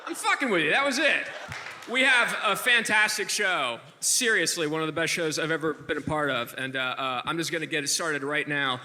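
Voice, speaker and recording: A man's voice: a little high, normal speed, sharp tone. A man hosting a stand-up comedy show, with a wry, self-mocking delivery on stage. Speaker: stand-up host. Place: comedy club stage before a laughing crowd. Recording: live club recording with noisy crowd.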